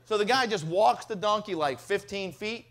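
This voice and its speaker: A man from Mississippi preaches at a revival and spins a comic story with lively energy. His voice sits notably high for a man. He drops into quoted voices as he tells it. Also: normal speed. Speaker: evangelist.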